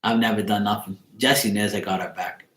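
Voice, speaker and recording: A man's voice: fairly low pitch, fairly even intonation, fairly quick, fairly bright tone, a little hiss or hum. A man hosting a casual tarot livestream, teasing and joking with his viewers. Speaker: tarot reader and streamer host. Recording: roomy echo.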